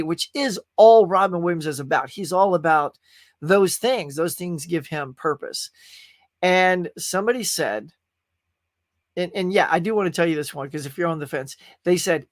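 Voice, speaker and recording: A man's voice: fairly high pitch, fairly bright tone, dry recording, studio quality. A man hosting a casual pop culture podcast, talking emotionally and rambling with restarts as he gushes about a movie. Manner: gushing and emotional. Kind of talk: casual movie review chat.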